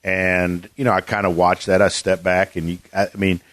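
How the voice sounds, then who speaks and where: A man's voice: sits low, flat delivery, moderate pace, a bit bright, no room sound. A man hosting a casual golf coaching interview, rambling with many restarts and fillers. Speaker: golf coach and podcast host.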